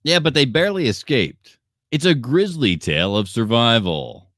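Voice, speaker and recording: A man co-hosting a podcast with dry, deadpan quips in casual banter. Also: mid-range voice, normal speed, background noise. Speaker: podcast co-host. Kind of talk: casual banter and mock newscaster reads.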